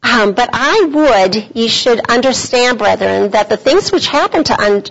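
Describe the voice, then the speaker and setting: A middle-aged woman gives a devotional talk to women, her voice a little high. She tells stories in a chatty way and laughs often. The conference recording sounds dull and lo-fi. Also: lively intonation, measured pace, vocal fry. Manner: storytelling, warm and chatty with laughs. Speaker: workshop speaker. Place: meeting room at a conference.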